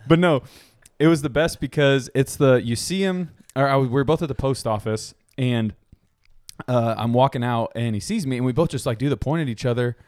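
A man's voice: mid-range voice, fairly quick, a little mellow, no room sound. A man co-hosting a podcast, telling stories in casual chat, laughing often and acting out voices. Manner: acts out voices in anecdotes. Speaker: podcast co-host.

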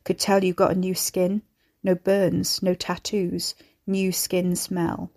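This is a gloating, brutish father-creature with a low, rumbling growl and thick rural dialect speech, voiced by a woman. His menace stays flat and heavy. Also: takes it slowly. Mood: taunting. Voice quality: deep ruminating growl.

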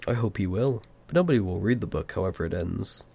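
A man voicing an old male wizard, grave and stern, speaking in a measured way in an amateur audiobook reading. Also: low-pitched, lively intonation, gravelly, warm tone, exaggerated voice.

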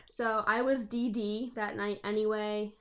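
A woman's voice: medium pitch, unhurried. A woman in her twenties co-hosting a podcast, telling stories bluntly with lots of swearing. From England. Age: 20s. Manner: blunt and profane, animated storytelling. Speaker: podcast co-host. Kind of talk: casual chat.

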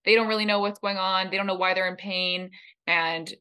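A woman's voice: mid-range voice, fairly even intonation, a little fast, sharp tone, smooth. A woman with a Canadian accent co-hosting a casual podcast, chatty and full of fillers. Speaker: podcast co-host.

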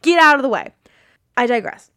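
A woman co-hosting a wrestling podcast, talking in a blunt, animated, casual way and swearing freely. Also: on the high side, fairly quick, no room sound, studio quality. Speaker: podcast co-host. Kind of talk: casual wrestling recap chat.

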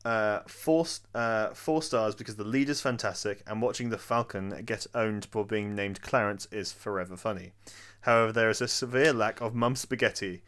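A man co-hosting a casual film podcast, quizzing his friend in a hesitant, low-key way. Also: normal speed, fairly bright tone, clear, resonant tone. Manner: hesitant, many fillers and restarts, low-key. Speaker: podcast co-host. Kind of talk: casual chat, quiz host.

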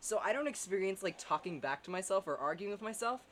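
A woman's voice: medium pitch, expressive, fast talker, slight background noise. A young woman hosting a podcast, talking candidly in a casual chat, swearing and laughing often. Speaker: podcast host.

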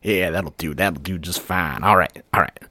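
A high, loud carnival barker of a medicine-show doctor, as a man puts him on. He is sly and bossy, pushing his miracle tonic in a tabletop role-playing game. The sound is dry and close. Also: big pitch swings, moderate pace, no echo. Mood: scheming. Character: fast-talking male snake-oil showman doctor.

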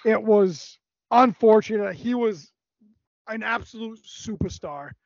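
A man's voice: high voice, gravelly, dry recording, muffled recording. A man co-hosting a podcast, swearing freely and chatting loosely. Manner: swears a lot, fast and loose. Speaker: podcast co-host. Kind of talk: casual chat.

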